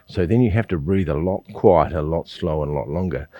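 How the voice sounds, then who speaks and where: Deep-voiced guy leading a qigong class, patient, keeps checking in, dry close sound. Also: fast talker, dark tone, no echo. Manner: patient, repetitive coaching with frequent "yeah?" check-ins. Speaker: qigong teacher. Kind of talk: guided exercise instruction.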